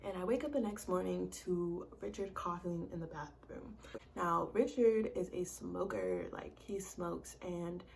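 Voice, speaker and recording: A woman's voice: lowish voice, unhurried, vocal fry, a little hiss or hum. Chatty young woman telling a story. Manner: chatty, animated, peppered with "like" and swearing. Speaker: vlogger. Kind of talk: casual storytime vlog.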